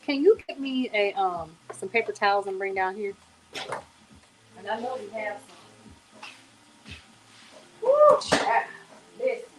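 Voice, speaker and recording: Heavy background noise surrounds a woman's mid-range voice as she talks at a measured pace with long pauses. She's showing viewers some casual home cooking in her kitchen, folksy and chatty, addressing them as y'all and honey.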